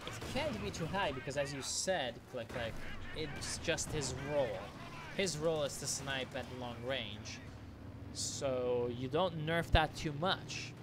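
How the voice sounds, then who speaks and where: A man giving live commentary on a strategy game match, excitable and swearing freely, often breaking into laughter. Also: medium pitch, a little slow, noisy background. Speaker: game caster.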